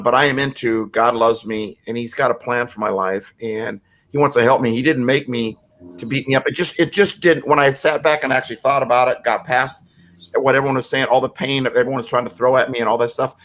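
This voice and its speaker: A man's voice: mid-range voice, a little fast, fairly bright tone, slight background noise. A man on a podcast, speaking earnestly and reflectively about faith, often checking in with "right?" and "you know". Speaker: podcast co-host.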